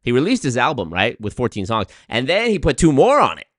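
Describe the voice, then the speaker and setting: A man doing casual, joking live-stream commentary, profane and swinging between loud rants and muttered asides. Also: medium pitch, huge pitch swings, a little fast, dry recording, studio quality. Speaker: streamer reacting to clips.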